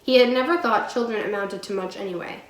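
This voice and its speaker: A woman teacher reading a storybook aloud in a clear, steady storytelling voice. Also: medium pitch, quick pace, reverberant, rough recording.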